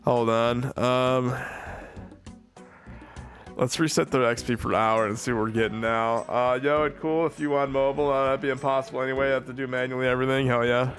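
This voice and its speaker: A man's voice: mid-range voice, a little fast, faint music behind. A young man chatting with his viewers while streaming a game, swearing, laughing in bursts and getting worked up. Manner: excitable, swears a lot, laughs in bursts, talks to chat. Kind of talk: live gaming stream chat.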